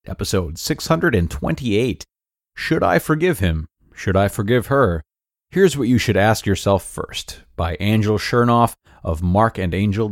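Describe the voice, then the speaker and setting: A man hosting a podcast, calmly narrating a blog post in a measured way. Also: lowish voice, no room sound, studio quality. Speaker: host.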